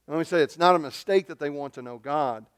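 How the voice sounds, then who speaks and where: A man's voice: a little high, quick pace, clean tone. A man preaching a sermon as pastor, emphatic, often repeating words as he stresses a point.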